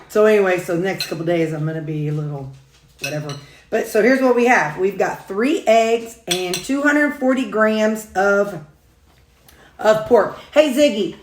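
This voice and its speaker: A woman's voice: mid-range voice, expressive, measured pace. A woman, chatting casually as a food vlogger while she eats, in a folksy, rambling way with frequent chuckles. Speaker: food and weight-loss vlogger. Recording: echoey room.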